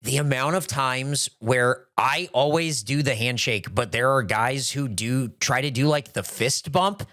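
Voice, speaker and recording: Bright-voiced laid-back man. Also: mid-range voice, unhurried, no echo, studio quality. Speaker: podcast co-host, pro wrestler. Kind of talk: casual podcast chat.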